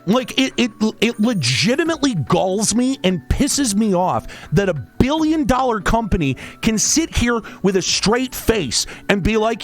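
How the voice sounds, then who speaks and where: A man in the middle of a heated, profane rant. His voice sits high for a man and leaps all over the place as he vents. Faint music plays underneath him. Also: very animated, measured pace. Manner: exasperated, profane, sarcastic. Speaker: streamer and podcast host. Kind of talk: angry rant.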